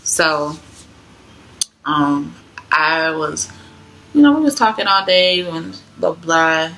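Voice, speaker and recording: A young woman tells her own story in a casual, rambling way. Her voice sits low and carries a gravelly fry. It also has a bright, forward edge. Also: expressive, takes it slowly, a little hiss or hum. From Georgia, US. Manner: chatty, loose, many "like" fillers. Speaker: vlogger sharing her testimony.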